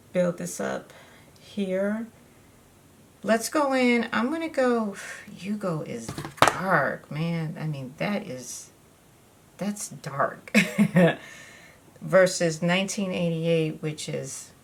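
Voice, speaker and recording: A beauty vlogger speaks slowly in a fairly low, creaky voice with lively intonation and long pauses, leading a casual makeup tutorial at home. She rambles comfortably with many fillers, over a slight hiss or hum.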